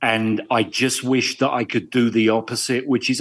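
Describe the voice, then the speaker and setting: A man's voice: medium pitch, steady tone, a little slow, few pauses, a bit bright, husky. A middle-aged English man, a guest actor, chatting casually on a podcast in a wry, self-deprecating way.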